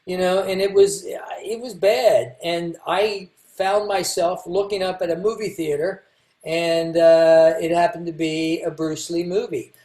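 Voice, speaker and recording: A man from Kentucky, a guest telling his life story in a candid, halting way and restarting his words. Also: on the high side, darkish tone. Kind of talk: casual interview storytelling. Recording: echoey room.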